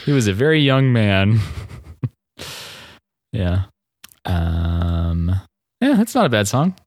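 A man co-hosting a podcast in casual chat, wry and quick to laugh. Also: lowish voice, sing-song, darkish tone, no room sound, studio quality. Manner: chatty, laughs often, wry asides. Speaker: podcast co-host.

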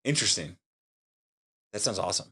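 A man with a low voice joins a casual podcast chat as a guest. He teases his hosts playfully and rattles off items rapid-fire. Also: animated, pushed and bright, husky.

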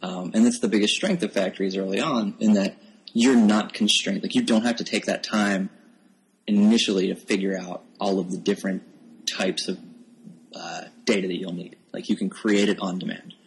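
A low-pitched man with a gravelly texture talks as a guest on a tech podcast. He speaks close to his microphone and often stumbles and restarts his sentences. He is wry and self-deprecating about his work. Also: steady tone, normal speed, low-quality recording. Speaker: podcast guest, software developer. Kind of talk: casual tech podcast chat. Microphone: new close microphone.

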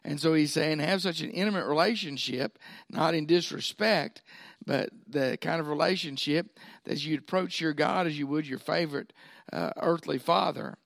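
A man's voice: on the high side, normal speed, creaky, a bit bright, no room sound. Folksy preacher man, dry sound. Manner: folksy, checks in with listeners. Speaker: pastor. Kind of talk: sermon.

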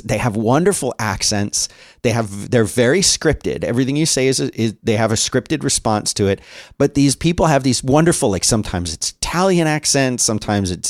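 A man's voice: medium pitch, dry recording, studio quality. A man co-hosting a podcast, telling a long story in casual chat with plenty of fillers and restarts. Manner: rambling storyteller with many fillers. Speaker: podcast co-host.

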